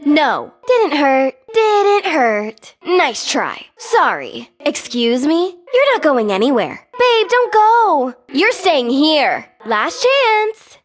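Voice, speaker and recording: A woman's voice: high voice, big pitch swings, slow, few pauses, soft background music, exaggerated voice. A woman voicing a young, bratty goddess of strife in a video game, mocking and flippant, with a sarcastic drawl. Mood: taunting. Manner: mocking, flippant, calls the hero babe. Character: Eris, wild goddess of strife, taunting and gleeful. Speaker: game character.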